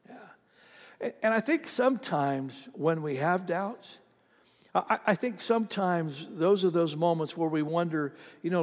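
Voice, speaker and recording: An older male pastor delivers a sermon, his voice sitting a little high for a man. He tells a story with frequent restarts, then builds into emphatic calls to the congregation. The sound carries a long reverb from the church sanctuary. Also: measured pace.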